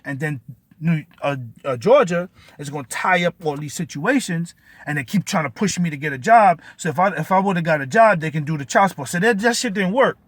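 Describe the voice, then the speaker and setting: A man's voice: on the high side, animated, fairly quick, fairly bright tone, no room sound. A man telling a story in an agitated, profane rant, cursing and repeating himself. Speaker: vlogger.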